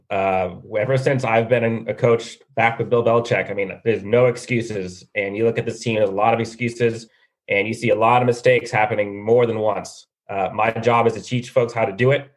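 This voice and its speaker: A man's voice: mid-range voice, steady tone, normal speed, close to an everyday voice. A man playing a blunt, strict male football coach candidate who talks straight. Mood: stern.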